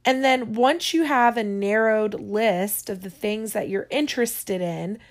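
Woman, unhurried, casual and digressive advice-giving vlogger. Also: mid-range voice. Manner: chatty, digressive, yawning often.

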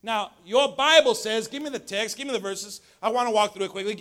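Male pastor, high and bright, sermon with call-and-response. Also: quick pace, hardly any pauses. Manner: swings from shouted preaching to low conversational storytelling. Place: church sanctuary.

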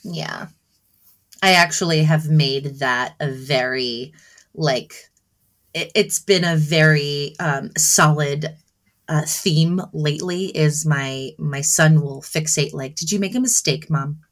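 Chatty low-voiced mom from New Jersey. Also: female voice, fairly even intonation, slow pace, fairly bright tone. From Southern New Jersey. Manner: chatty, laughs often, acts out her own lines to her kids. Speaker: podcast co-host. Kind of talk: casual chat.

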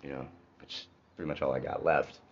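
A man voicing a friendly, carefree homeless man who talks in a relaxed, welcoming street manner. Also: very deep voice, fairly quick, vocal fry. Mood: laid-back. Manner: easygoing, welcoming street talk. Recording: dull lo-fi with faint noise.

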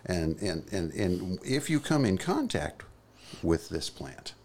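Co-host, man, low-ish voice with a lively swing, playful and jokey in studio chat. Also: slow pace, a little hiss or hum. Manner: playful, joking, reads out facts. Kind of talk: casual podcast chat.

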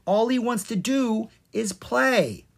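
A reader putting on a young girl for a storybook, raised a little in pitch, with a husky, breathy tone. She asks question after question and is quick to plan. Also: lively intonation, exaggerated voice. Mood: curious, questioning. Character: eight-year-old girl, practical and determined. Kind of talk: children's audiobook reading.

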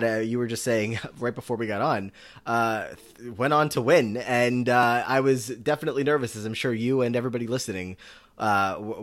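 A man co-hosting a podcast, recapping a game show in casual chat, rambling with lots of fillers and restarts. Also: medium pitch. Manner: struggles over name pronunciations. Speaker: podcast co-host.

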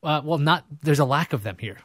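A man's voice: fairly high pitch, animated, a little fast, fairly bright tone, no room sound, studio quality. A man hosting a casual interview show, joking and rambling with fillers. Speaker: host.

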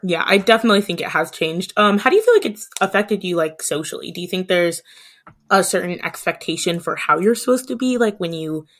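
A woman's voice: lowish voice, lively intonation, fairly quick, a bit bright. Chatty young woman podcast host. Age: 20s. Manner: chatty, many "like" fillers, laughs often. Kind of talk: casual podcast discussion.

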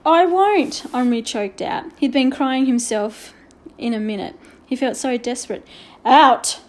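Storybook narrator, woman, mellow tone, slightly high voice. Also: steady tone, moderate pace.

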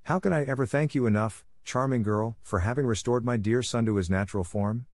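A man's voice: medium pitch, brisk, dry recording, studio quality, close to an everyday voice. A man voicing a regal queen who speaks with effusive gratitude in an audiobook. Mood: grateful. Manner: warmly effusive. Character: grateful, regal queen mother. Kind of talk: audiobook reading.

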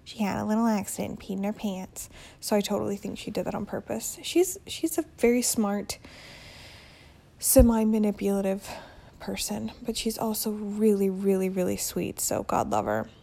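A woman's voice: medium pitch, lively intonation, moderate pace, vocal fry. Young woman, casual solo podcast host, candid and chatty, recorded at home in her bedroom. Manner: chatty and candid, with soft laughs.

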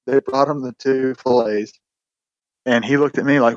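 A man's voice: medium pitch, steady tone, moderate pace, dry recording, lo-fi sound. A man co-hosting a podcast, telling a long story in a rambling, casual way with lots of swearing and restarts. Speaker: podcast co-host.

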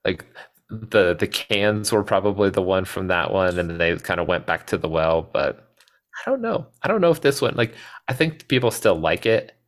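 Male podcast co-host, deep voice, hesitant rambling delivery. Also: big pitch swings, normal speed. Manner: rambling, hesitant, many fillers and restarts. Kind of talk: casual movie chat.

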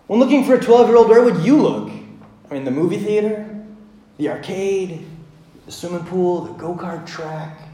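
A man with a high voice preaches in a room with a lot of echo. He talks casually, with many fillers, and swings between quiet, reflective stretches and loud, animated storytelling. He sounds like a pastor in his thirties. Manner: conversational, filler-heavy, swinging from hushed to loud. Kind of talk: sermon with personal storytelling. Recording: echoey room.

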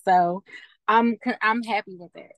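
A woman's voice: mid-range voice, fairly even intonation, no echo. Chatty young woman, dry close sound. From West Philadelphia. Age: young adult. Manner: friendly, chatty, quick to laugh along. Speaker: guest, musician and actor. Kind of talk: casual interview chat.

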